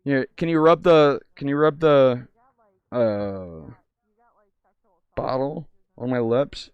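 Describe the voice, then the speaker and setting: A man chatting with strangers in a VR game, crude and teasing, swinging from mumbles to shrill giggles and shouts. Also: takes it slowly, clean tone, no echo, lo-fi sound. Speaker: VR streamer. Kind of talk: casual VR chat with strangers.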